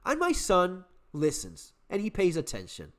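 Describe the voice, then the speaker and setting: Middle-aged male host, casual storyteller, high and lively delivery, swears, restarts a lot. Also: moderate pace. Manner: animated, swearing, repeats words and restarts. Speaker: survival channel host.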